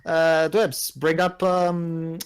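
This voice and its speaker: A man with a slightly higher voice rambles through a casual movie commentary. He steers the group along, often restarting his sentences as he goes. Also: level tone, extremely slow, smooth. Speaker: commentary host.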